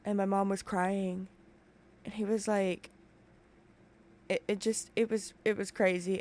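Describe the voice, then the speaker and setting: A woman's voice: medium pitch, steady tone, normal speed, fairly bright tone. A woman commenting on a livestream while she recounts a painful family memory, talking in an emotional, profane, rambling way from a room at home. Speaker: commentary streamer. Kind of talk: casual reaction commentary. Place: home room with open window.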